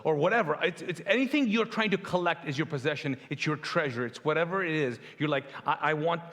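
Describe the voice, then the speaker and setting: A middle-aged man from Pakistan preaches in a loose, conversational way, acting out the voices in his stories with self-deprecating humor. His voice sits fairly high for a man. The sound carries a long reverb from a large hall. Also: fast. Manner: animated storyteller, acts out quotes, self-deprecating humor. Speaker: pastor.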